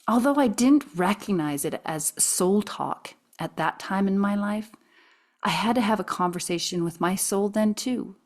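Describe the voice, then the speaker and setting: A woman reading aloud from her own memoir, expressive, sometimes dropping into soft whispers. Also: mid-range voice, measured pace. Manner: expressive, drops to soft whispers at quiet moments.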